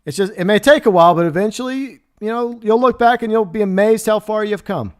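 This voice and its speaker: A man's voice: high-pitched, fairly quick, clear, resonant tone. A man hosting a casual livestream, chatting and laughing as he answers messages from his chat. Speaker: livestream host.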